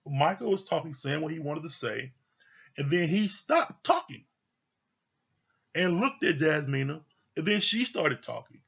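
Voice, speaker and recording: A man casually recapping and reviewing a reality TV episode, blunt and animated, swearing freely as he retells the scenes. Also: on the high side, measured pace, creaky, long pauses, slightly rough, highs cut off. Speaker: TV show reviewer.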